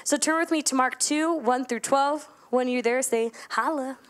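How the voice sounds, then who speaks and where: A woman's voice: high-pitched, moderate pace. Playful young woman preaching casually. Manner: playful, joking asides to the congregation. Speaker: youth speaker at church service. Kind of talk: casual sermon. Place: church service.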